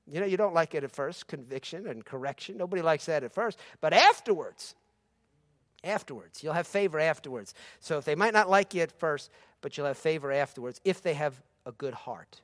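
A man preaching a sermon as pastor, moving between easy conversational talk and loud, rising exhortation. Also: fairly high pitch, expressive, fairly quick, no echo, studio quality.

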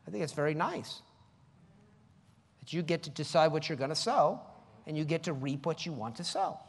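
A man preaching a sermon, reading scripture slowly and mimicking people in high voices. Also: animated, in a large hall.

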